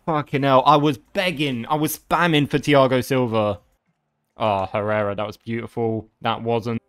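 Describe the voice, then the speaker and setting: A young man giving live commentary over a football video game, swearing and reacting loudly. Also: mid-range voice, normal speed, clear, resonant tone, faint music behind. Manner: excitable, swears often, shouts at big moments. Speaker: gaming video creator.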